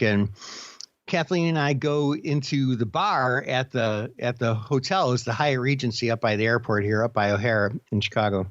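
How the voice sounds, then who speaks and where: A man's voice: mid-range voice, no room sound, lo-fi sound. Rambling man chatting on a podcast. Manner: rambling storyteller with many restarts. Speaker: podcast co-host. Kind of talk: casual chat.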